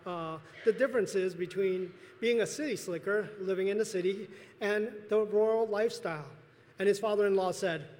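A man preaching a sermon as pastor, earnest, pausing and restarting as he speaks, in a church sanctuary. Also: high-pitched, darkish tone. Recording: long hall reverb.

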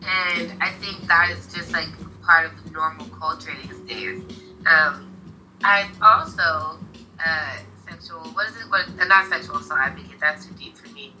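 A woman's voice: sits low, moderate pace, sharp tone, faint music behind, low-quality recording. A young woman in casual conversation, talking bluntly and heatedly and swearing freely.

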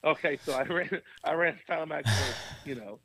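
A young adult man, a pastor, telling a personal story in a podcast interview with a lively, animated delivery and frequent laughs. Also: moderate pace, low-quality recording. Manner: animated storyteller, swings pitch high for quoted voices, laughs often.

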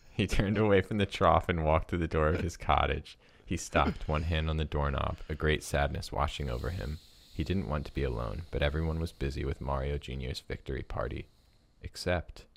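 A man's voice: a bass voice, gravelly. A man co-hosting a podcast who reads a story aloud, chuckling at times, and chats casually. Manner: laughs while reading, lots of fillers in chat. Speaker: podcast co-host. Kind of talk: reading a story aloud, then casual chat.

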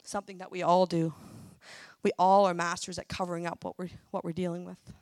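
A woman's voice: fairly low pitch, flat delivery, brisk, darkish tone, no echo. A middle-aged woman sharing a personal testimony at church, earnest and emotional. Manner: earnest, emotional, tearful at times. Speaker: church speaker.

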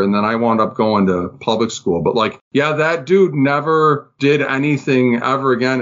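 A man telling a story from his school days in a relaxed, plain-spoken way, often saying "like". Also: medium pitch, highs cut off. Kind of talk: casual storytelling.

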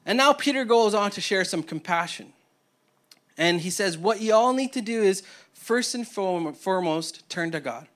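A man, a pastor, preaching a conversational sermon to his church with energetic, casual delivery and frequent restarts. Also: sits high, normal speed.

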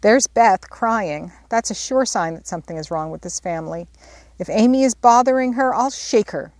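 A brisk, impulsive teenage girl from a classic storybook, quick to take offense, played by a woman reading aloud. The reading is close and dry, with little room sound. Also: medium pitch, lively intonation, a little mellow, no room sound, close to an everyday voice. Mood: fretful. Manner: brisk and huffy.

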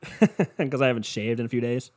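A young man riffs alone into his computer mic, swearing freely and mocking everyone in a sarcastic, rambling rant. His voice sits at an ordinary middle pitch. He sounds like a solo podcast host talking from his bedroom. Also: moderate pace, a little mellow. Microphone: desktop computer mic.

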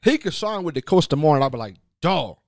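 A man's voice: fairly high pitch, big pitch swings, very fast, darkish tone, no echo, clean studio sound. A man hosting a sports talk radio show, blunt and opinionated, leaning on filler phrases as he rants.

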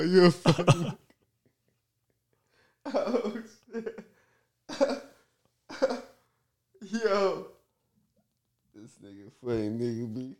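A man's voice: sits high, sing-song, drawn-out words, pauses often, a little mellow. A man co-hosting a casual podcast, laughing often and acting out his own reactions as he retells a story. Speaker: podcast co-host. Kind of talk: casual chat.

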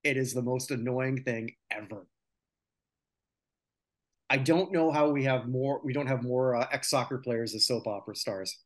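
Speaking at a moderate pace in a mid-range voice, a North American podcast host vents his strong opinions on a casual sports talk show. His rant is littered with filler "uh"s.

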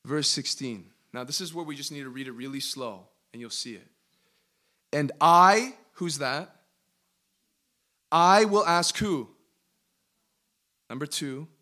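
A man teaching a Bible study as a pastor, emphatic, asking his listeners questions and slowing down to stress key words. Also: medium pitch, bright, forceful tone. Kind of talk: interactive sermon teaching.

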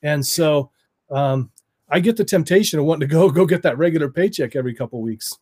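A man's voice: on the high side, fast, a little mellow, breathy edge. A man who works as a hypnotist, talking casually as a guest, laughing often and circling back over his sentences. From United States. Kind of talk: casual chat.

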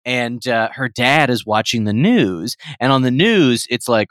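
A man's voice: medium pitch, animated, a little slow, hardly any pauses, a bit bright, no echo, clean studio sound. A man co-hosting a comedy podcast, telling a made-up story in a rambling way with fillers and chuckles. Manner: rambling with fillers and frequent laughing asides. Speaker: podcast co-host. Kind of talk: comic storytelling.

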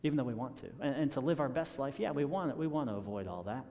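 A man preaching a sermon in a relaxed conversational way, chuckling at his own stories and often restarting his sentences. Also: medium pitch, quick pace, in a large hall. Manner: conversational, self-deprecating with chuckles and repeated restarts. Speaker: pastor.

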